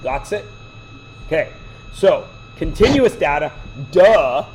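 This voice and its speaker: Lively, chatty male math teacher. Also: on the high side, normal speed, a little hiss or hum, rough recording. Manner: chatty, digressive, joking asides. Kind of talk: classroom lecture. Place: classroom.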